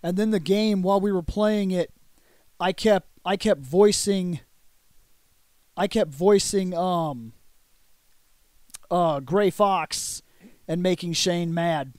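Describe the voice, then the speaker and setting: A man co-hosting a podcast, telling a story in casual, animated chat with frequent laughs. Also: sits high, takes it slowly, long pauses, no echo, studio quality. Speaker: podcast co-host.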